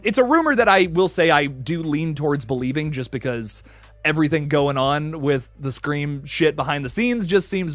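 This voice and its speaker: A man's voice: a little high, a bit bright, no echo. A young man hosting a casual live stream, greeting chatters with hype and swearing casually. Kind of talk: casual live stream chat, reading comments.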